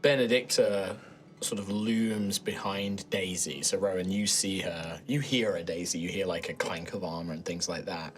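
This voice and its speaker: A man with a British accent, narrating a tabletop game as dungeon master in a relaxed, rambling way. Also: sits low, moderate pace, soft background music. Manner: relaxed, rambling description with many fillers.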